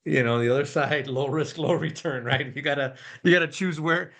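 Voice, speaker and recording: A man's voice: on the high side, brisk, fairly bright tone. Upbeat podcast host, a man. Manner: casual, upbeat, ends points with "right?". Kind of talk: podcast interview.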